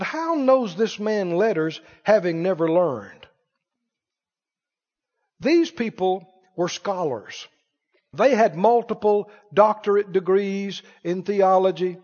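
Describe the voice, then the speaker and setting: Male preacher, high and very animated delivery, emphatic, quizzes the congregation. Muffled hall recording. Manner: emphatic, questions the congregation, quotes scripture. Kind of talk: sermon.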